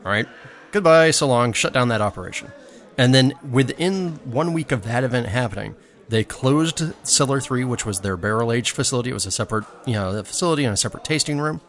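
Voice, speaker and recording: Man, podcast co-host, casual chat, exclamatory, mid pitch. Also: a little fast. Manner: chatty, exclamatory, lively storytelling.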